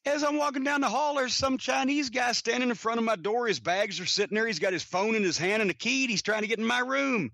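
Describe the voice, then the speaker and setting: A man with a high, bright voice tells long, rambling stories packed with swearing. He sounds close and dry, with no room around him, in a loose, casual podcast delivery. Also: quick pace, vocal fry, hardly any pauses, no room sound. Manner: profane, rambling anecdotes. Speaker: podcast host. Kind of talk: casual storytelling.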